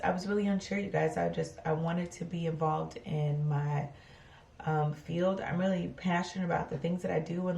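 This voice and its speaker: A woman in her thirties rambles through a casual vlog with lots of fillers and a gravelly edge to her voice. She sits a little back from the camera at home, so the room echoes around her. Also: lowish voice, darkish tone. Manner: chatty, rambling, full of fillers. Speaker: vlogger. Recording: roomy sound from far off.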